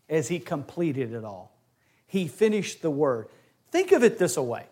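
A man teaching a Bible class lesson, talking with energy and putting questions to his class. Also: sits high. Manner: animated, asks the class questions.

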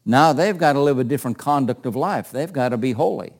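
A man's voice: mid-range voice, expressive, brisk. An older man teaching a Bible class in a conversational way, asking questions and calling on readers.

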